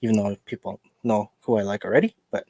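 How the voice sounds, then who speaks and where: A man's voice: on the low side, steady tone, quick pace, mellow, no echo. A man hosting a casual livestreamed podcast, chatting and joking, greeting viewers with plenty of fillers. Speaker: podcast host.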